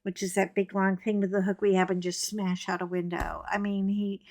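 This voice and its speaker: A woman's voice: mid-range voice, little pitch movement, normal speed, a little mellow, dry recording, clean studio sound. A woman, probably middle-aged, chatting casually and frankly while she colors, telling a gossipy story. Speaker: coloring channel host.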